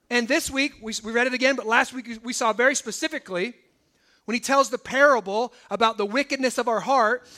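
Bright, high-voiced male preacher. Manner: conversational, peppers points with "right?" and "okay?". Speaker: pastor. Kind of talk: sermon.

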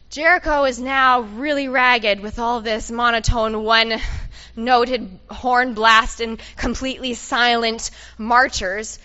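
Woman preacher, high bright voice, animated and playful, dull lo-fi recording. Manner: animated, playful, directs the audience and makes trumpet sounds. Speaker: preacher leading an interactive Bible story. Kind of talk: lively sermon with audience participation.

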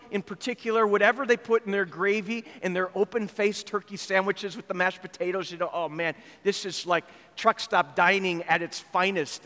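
A man preaching a sermon, telling an animated story and voicing its characters. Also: sits high, big-room sound. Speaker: pastor.

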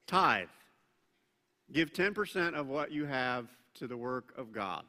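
A man's voice: mid-range voice, sing-song, slow, long pauses, pushed and bright, in a large hall. A middle-aged man preaching a sermon as pastor, conversational, with joking asides and bursts of emphasis.

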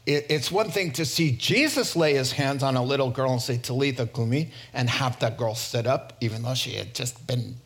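With a mid-range voice, this male pastor preaches energetically, frequently chuckling as he moves from rapid asides to slow, heavy lines.

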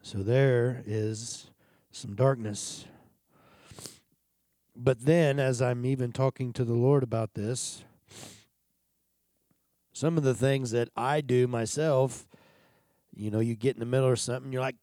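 A man's voice: mid-range voice, fairly even intonation, warm tone, no room sound, clean studio sound. Earnest man preaching a confessional sermon. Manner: earnest, confessional, pauses and sighs between thoughts.

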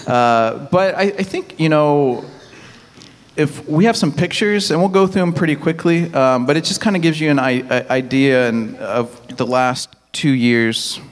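Man, Texan accent, missionary pastor, halting with restarts, laughs easily, reverberant hall. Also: fairly high pitch. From Texas. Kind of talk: church mission report with slides.

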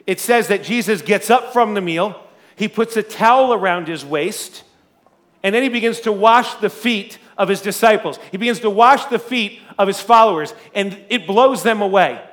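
Pastor, male, high-pitched, loud and animated, preaching through a story. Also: moderate pace. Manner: loud speaking voice. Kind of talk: sermon.

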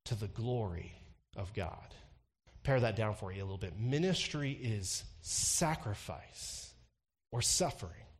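A pastor preaching a sermon, building to emphatic peaks and then dropping low. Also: male voice.

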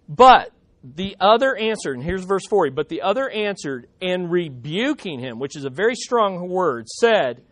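A man's voice: sits high, lively intonation, moderate pace, a bit bright. A man preaching a sermon, reading scripture aloud and rising to emphatic quotes. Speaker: pastor.

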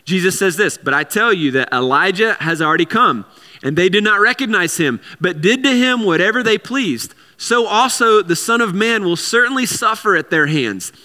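A man's voice: high voice, lively intonation, moderate pace, bright, forceful tone, long reverb tail. A man preaching a sermon in a conversational way, with repeated words and casual asides. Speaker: pastor.

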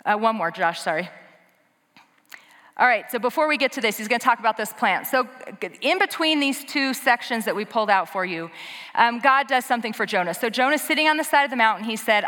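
Bright-voiced woman preaching in a reverberant hall. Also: a little high. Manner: animated, talks to the congregation with quick asides. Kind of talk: conversational sermon.

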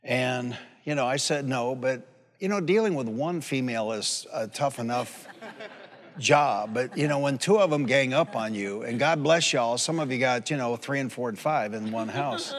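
A man's voice: mid-range voice, moderate pace. Folksy pastor in his sixties, reverberant hall. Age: 60s. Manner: folksy, conversational preaching with asides and call-and-response questions. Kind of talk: sermon. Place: church sanctuary.

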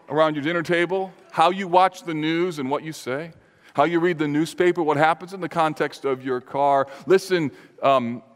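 Male pastor, slightly high voice, emphatic sermon delivery, long church reverb. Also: fairly bright tone. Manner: earnest, emphatic preaching with sudden lifts and drops. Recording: reverberant hall.

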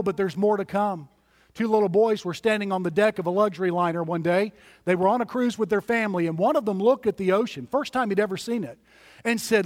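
A man with a high voice preaches a sermon in an emphatic, list-driven way. His words ring out with a long reverb from the church sanctuary around him. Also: fast. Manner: emphatic preaching with repeated lists. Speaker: pastor.

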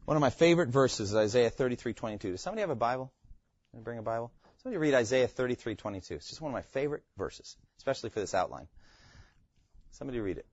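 A man's voice: medium pitch, animated, very fast, a little mellow, dry recording. Guy teaching bible class, keeps asking the room questions, dry dull sound. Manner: asks the class questions and repeats key phrases.

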